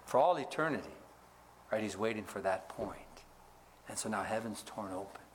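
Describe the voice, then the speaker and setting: A male pastor preaching a sermon, asking the congregation to fill in words, rising for emphasis and dropping low to close each point. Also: lively intonation, normal speed, a little hiss or hum.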